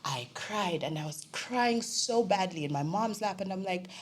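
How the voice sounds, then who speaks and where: A young Zambian woman, a podcast guest, telling personal stories with lively quoted voices in casual conversation. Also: medium pitch, normal speed. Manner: animated storytelling, quoting family in other voices.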